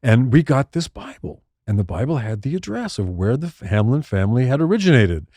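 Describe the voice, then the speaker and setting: Pria tua bercerita dengan nada hidup. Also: male voice, fairly quick, no echo. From United States. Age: older. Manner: animated storyteller, lively pitch swings, laughs often. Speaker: podcast co-host. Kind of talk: casual chat.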